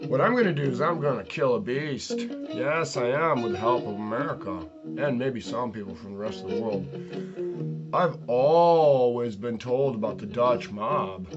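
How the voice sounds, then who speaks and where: A man rants through his own talk show in a lively, swooping voice, provocative and self-mocking, stretching words and then suddenly getting loud. The recording is dull and lo-fi, with plucked guitar music clearly playing behind him. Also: medium pitch. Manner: drawn-out words and sudden jumps in loudness. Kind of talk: rambling solo monologue.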